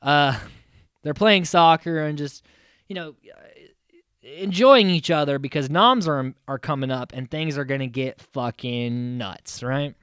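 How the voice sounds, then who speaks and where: A man's voice: a little high, unhurried, smooth, dry recording, clean studio sound. An American man hosting a podcast, chatting casually as he recaps a reality show, acting out quotes and swearing freely. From United States. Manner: animated, acts out quotes from the cast; swears casually, frequent fillers. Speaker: podcast host.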